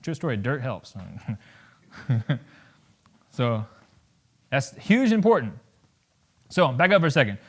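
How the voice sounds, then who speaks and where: A man's voice: medium pitch, very animated, slow, pauses often. A man in his thirties, a veteran giving a public talk to an audience, blunt and joking, acting out conversations as he tells them. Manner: blunt, joking, acts out dialogue with wide swings of loudness. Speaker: veteran speaker.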